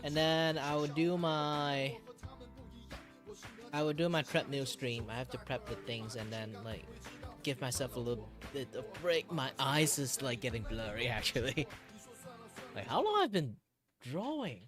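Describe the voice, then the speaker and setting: A Malaysian man whose English accent sits between British and Malaysian. He chats casually with viewers while drawing on stream, excitable, laughing often and swearing now and then. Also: mid-range voice, a little slow, faint music behind. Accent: mixed British and Malaysian English. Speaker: art streamer.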